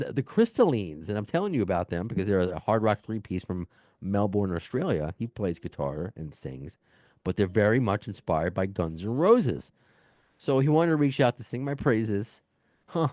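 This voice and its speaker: A man's voice: fairly low pitch, a little mellow, no room sound, clean studio sound. A man with a New York accent hosting a podcast from home, reading listener emails in a casual, rambling, self-deprecating way with many fillers and restarts. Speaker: podcast host. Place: home, baby heard in background.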